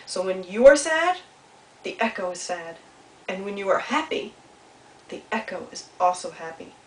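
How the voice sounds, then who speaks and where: A woman voicing an old, wise male beaver in a storybook reading, speaking slowly and gently. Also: medium pitch, very animated, close to an everyday voice. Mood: calm. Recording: echoey room, mic far off.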